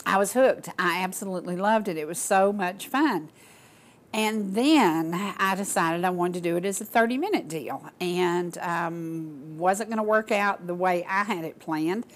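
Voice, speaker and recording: A woman's voice: on the low side, unhurried. An older woman from Georgia, hosting a local talk show and chatting casually to viewers in a gushing, folksy way. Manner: gushing, folksy, addresses audience as y'all.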